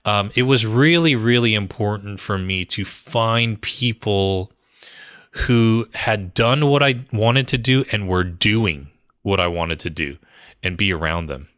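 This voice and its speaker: A man, a guest on a podcast, telling stories in a lively way with many "you know"s and "um"s. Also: fairly low pitch, unhurried, dry recording, clean studio sound. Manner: animated storyteller, fillers like "you know" and "um". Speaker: guest, brand strategist and author. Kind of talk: podcast interview storytelling.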